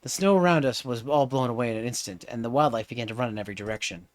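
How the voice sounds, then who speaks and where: A man's voice: mid-range voice, rapid-fire, dry recording, faint music behind. A man streaming a story game, narrating its events expressively in the first person. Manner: expressive, theatrical, animated.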